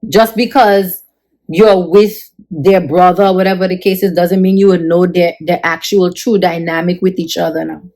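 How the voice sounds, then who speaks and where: A woman's voice: on the low side, steady tone, moderate pace, a little mellow, low-quality recording. A woman telling an emotional personal story in a casual vlog, acting out the people she quotes. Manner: earnest, emotional retelling with quoted dialogue.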